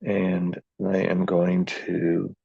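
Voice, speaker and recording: A man's voice: low-pitched, monotone, drawn-out words, gravelly, mellow, husky, no echo. A man with a New England accent hosting a casual live craft demonstration, rambling and joking as he thinks aloud while working, heard in dull lo-fi livestream sound.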